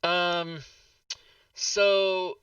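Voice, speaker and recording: A man's voice: sits high, little pitch movement, very slow, a bit bright, clear, resonant tone, no room sound, distant mic, lo-fi sound. A man hosting a casual talk show about a tabletop game book, joking, swearing and laughing as he goes.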